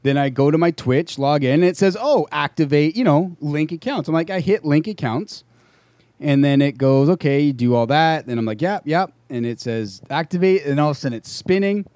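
Higher-voiced man ranting animatedly. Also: a little fast, no echo. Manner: animated, swearing, acts out quoted voices. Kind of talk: casual chat, ranting story.

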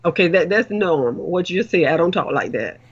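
A man's voice: fairly high pitch, expressive, brisk, muffled recording, a crowd in the background. A man voicing a fussy older mother who keeps nagging her son by name. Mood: fretting. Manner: repeats son's name, scolding and fretting.

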